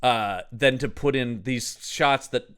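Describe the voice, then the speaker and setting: A man co-hosting a podcast, talking casually and lively about a bad movie, swearing and laughing as he goes. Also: medium pitch, takes it slowly, clean tone. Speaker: podcast co-host. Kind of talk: casual movie-review chat.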